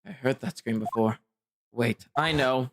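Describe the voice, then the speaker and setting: A man voicing a shaken young male prosecutor in a game, with low, strained delivery. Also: measured pace, fairly bright tone, faint music behind. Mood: tense.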